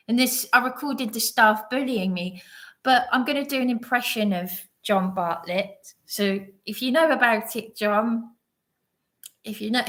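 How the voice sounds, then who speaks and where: A woman's voice: a little high, pushed and bright. A woman talking to camera in a rambling, apologetic vlog, often restarting her sentences. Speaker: vlogger. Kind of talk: casual monologue to camera.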